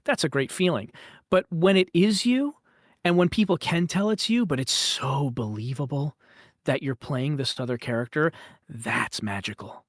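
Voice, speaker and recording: A man's voice: a little high, expressive, normal speed, no echo, studio quality. A man who coaches voice actors, talking emphatically and encouragingly as a guest in a casual podcast chat. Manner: emphatic, encouraging, explains eagerly. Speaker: voice acting coach.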